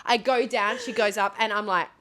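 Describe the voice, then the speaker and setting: A young adult woman co-hosting a podcast, telling a festival story in a casual, animated way, laughing often and acting out quotes. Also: medium pitch, normal speed. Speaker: podcast co-host.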